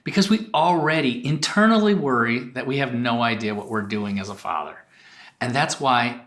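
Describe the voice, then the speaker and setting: A man's voice: mid-range voice, animated, normal speed, a bit bright, roomy sound. A middle-aged man co-teaching a marriage course, speaking earnestly and directly to the audience. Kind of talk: teaching talk to camera.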